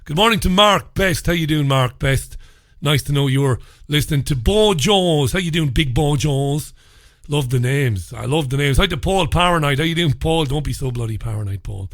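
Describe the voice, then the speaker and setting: A man's voice: a little high, expressive, normal speed, no echo, clean studio sound. Chatty man hosting a radio show. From England. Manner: chatty, warm greetings to listeners, swears mildly. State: recovering from a head cold. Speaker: radio host. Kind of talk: casual radio show chat.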